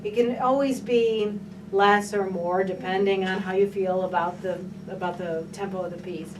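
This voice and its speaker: A woman's voice: mid-range voice, fairly even intonation, normal speed, noisy background. A woman teaching a private piano lesson, encouraging her student and counting beats aloud. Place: piano studio indoors. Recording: distant mic, loud piano playing.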